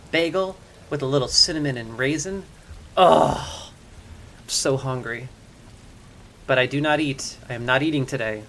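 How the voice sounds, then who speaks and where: A man with a bright, forceful voice streams a game live. He thinks aloud and talks to his chat all the way through. He gets loud and jumpy when something startles him. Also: medium pitch, normal speed, long pauses. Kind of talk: live gameplay commentary.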